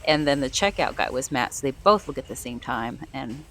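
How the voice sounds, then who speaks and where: A low-pitched woman talks through her thrift store finds in a chatty, enthusiastic way, with rambling asides. Faint store noise hums behind her. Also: lively intonation, a little fast, fairly bright tone. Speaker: thrift reseller vlogger. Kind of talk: casual vlog narration.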